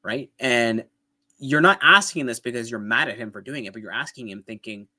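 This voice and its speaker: A man's voice: medium pitch, moderate pace, bright, forceful tone. A man hosting a commentary video, explaining his points step by step and often checking in with "right?". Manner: conversational, with restarts and fillers. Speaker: apologetics video host. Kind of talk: casual commentary responding to a debate clip.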